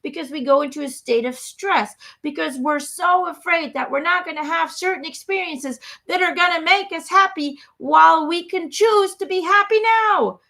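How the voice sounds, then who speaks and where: Woman, spiritual host, high voice with a gravelly edge, emphatic and repetitive. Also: bright, forceful tone. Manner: emphatic, repetitive, frequent "okay?". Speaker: spiritual channeler. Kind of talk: live motivational talk.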